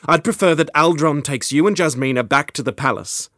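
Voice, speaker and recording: A man reading an audiobook, voicing a protective young husband who speaks forcefully and urgently. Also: on the high side, brisk, no echo, clean studio sound, lightly acted.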